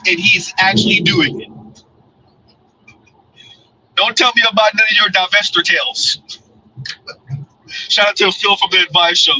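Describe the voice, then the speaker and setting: A man's voice: high voice, sharp tone, poor audio. Blunt mocking man talking from a car. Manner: blunt, mocking, laughs often. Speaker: commentary show host. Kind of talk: casual live commentary. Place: in a car, in transit.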